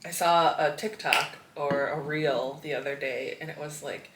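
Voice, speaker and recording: A woman's voice: low-pitched, steady tone, unhurried, echoey room, background noise. A woman co-hosting a podcast in casual chat, earnest and giggly. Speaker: podcast co-host.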